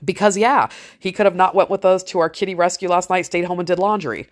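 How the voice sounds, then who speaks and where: A woman's voice: fairly low pitch, quick pace. A middle-aged woman talking in a frank, rambling, motivational monologue, swearing freely as she speaks to her listeners. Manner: blunt, heavy swearing, frank. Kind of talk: casual monologue.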